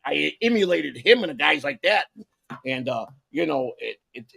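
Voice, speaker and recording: Gravelly, husky-voiced man telling stories. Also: fairly high pitch, sing-song, normal speed, pushed and bright. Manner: profane rambling storyteller, many restarts. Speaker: podcast co-host. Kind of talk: casual chat.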